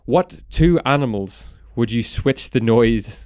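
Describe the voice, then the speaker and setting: A man's voice: medium pitch, expressive, slow, darkish tone, no room sound, clean studio sound. A young man co-hosting a podcast, who asks the questions, laughs easily and starts with "um". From Ireland. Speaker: podcast co-host. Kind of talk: casual chat.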